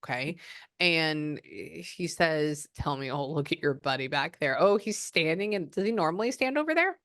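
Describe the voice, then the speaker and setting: A woman's voice: low-pitched, lively intonation, normal speed, a bit bright, dry recording, studio quality. A woman psychic medium giving a client reading, chatting and often quoting the spirit's messages.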